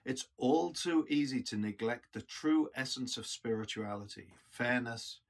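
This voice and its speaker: A man's voice: mid-range voice, unhurried, vocal fry. A man preaching a reflective sermon in an earnest, teaching manner.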